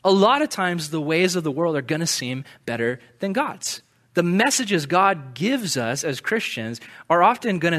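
High-voiced animated male preacher. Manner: animated, acts out quoted voices. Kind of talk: conversational sermon.

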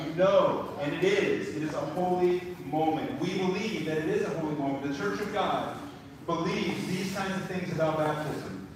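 Enthusiastic male pastor in an echoey hall. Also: on the high side. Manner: enthusiastic, repeats phrases, drops to a hush for quotes. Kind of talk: sermon. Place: church fellowship hall. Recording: echoey hall, distant mic, noisy.

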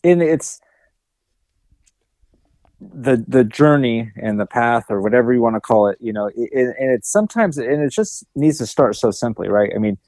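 Male podcast co-host, warm low-key voice, dry close sound, rambling reflective chat. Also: lively intonation, normal speed, no room sound. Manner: rambling, reflective, many fillers.

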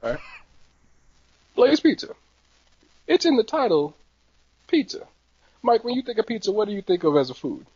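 A young man spins a funny story in casual conversation, his voice swinging up and down as he acts out what people said. It sits a little high. The recording is dry and a bit muffled. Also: moderate pace, long pauses, breathy edge, no room sound. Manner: animated storyteller, laughs often, acts out quotes. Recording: dry, slightly dull sound.

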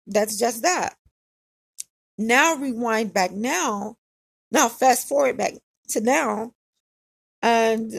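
A woman's voice: fairly high pitch, vocal fry, husky, no echo. A woman casually telling a personal story in a candid, conversational way, often repeating phrases for emphasis.

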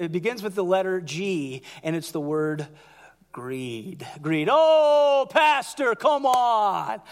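A man preaching a sermon as pastor, animated, acting out quotes in a raised voice. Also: high-pitched. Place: large church hall. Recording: church hall with long reverb.

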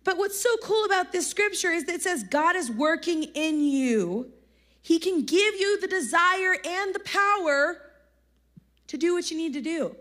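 A young woman giving a casual, energetic sermon at a youth conference, chatty and slangy, often laughing. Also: very high voice, measured pace. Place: church conference hall, live audience.

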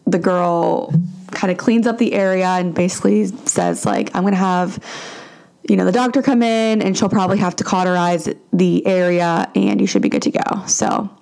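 Chatty woman with a gravelly edge. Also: on the low side, normal speed. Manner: chatty, animated retelling with frequent "like" and "lo and behold". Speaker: podcast host. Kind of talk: casual storytelling monologue.

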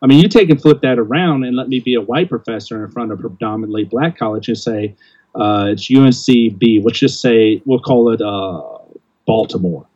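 A man's voice: medium pitch, fairly quick, dark tone, slightly rough, dry recording, lo-fi sound. An older man hosting a casual podcast chat, blunt and rambling, often restarting his sentences. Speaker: podcast host.

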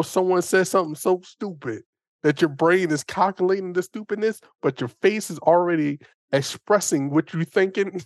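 A man's voice: sits high, no echo. A young man telling a funny story casually on a podcast and laughing as he goes. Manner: animated, laughs through the telling. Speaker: podcast host.

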